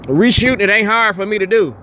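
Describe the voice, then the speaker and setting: A man's voice: high-pitched, expressive, brisk, sharp tone, slight background noise. A man giving a defiant, confrontational speech at a town hall, repeating his demands. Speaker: activist speaking at a town hall. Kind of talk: impassioned public speech.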